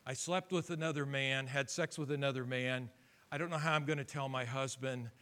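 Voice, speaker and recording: A man preaching a sermon, telling a story with quoted dialogue and building to loud exhortations. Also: medium pitch, fairly even intonation, a little fast. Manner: retells conversations in quoted voices, builds to shouted exhortation. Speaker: pastor.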